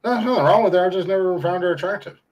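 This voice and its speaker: A man's voice: high voice, racing, muffled recording. Guy hosting a podcast, ohio, rambly, swears a lot, laughs a bunch. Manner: rambling, crude, laughs often. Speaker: podcast host. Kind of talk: casual chat.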